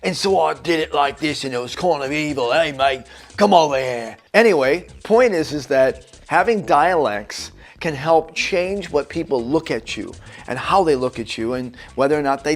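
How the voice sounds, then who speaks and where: Chatty man coaching, faint music behind. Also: medium pitch. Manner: chatty, anecdotal, coaching tone with direct tips. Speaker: actor giving career advice. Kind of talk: conversational tips video.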